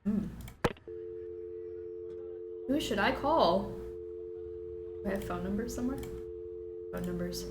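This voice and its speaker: A young woman commenting on a video game in a playful, sarcastic way, her voice at a middle pitch. The room sounds roomy and echoey, with faint game music underneath. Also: lively intonation, unhurried, pauses often. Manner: playful and sarcastic, laughs often. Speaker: gaming streamer. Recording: roomy echo.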